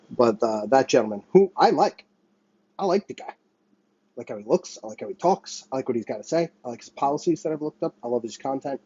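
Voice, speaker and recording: A man's voice: mid-range voice, dark tone, breathy edge, dry recording, highs cut off. A man from the United States venting in a rambling, profane monologue, often restarting and apologizing mid-sentence. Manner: profane, rambling, self-interrupting. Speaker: vlogger. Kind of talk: ranting monologue to camera. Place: small apartment with a running window air conditioner.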